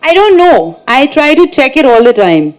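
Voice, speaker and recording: A woman's voice: sits high, very animated, moderate pace, poor audio. A woman actress answering press questions in a chatty, playful way, laughing often and restarting her sentences. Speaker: actress at a film press meet. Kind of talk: casual press-meet answers.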